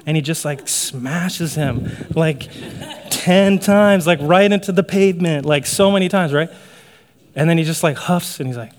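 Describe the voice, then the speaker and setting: Man preaching in a lively conversational way. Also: a little high, measured pace. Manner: conversational preaching with frequent "right?" asides and light laughs. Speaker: pastor. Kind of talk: sermon.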